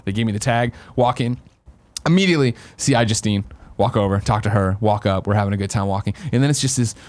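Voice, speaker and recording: A man hosting a podcast, telling a story in a casual, animated way, swearing freely and acting out voices. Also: on the low side, quick pace. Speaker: podcast host.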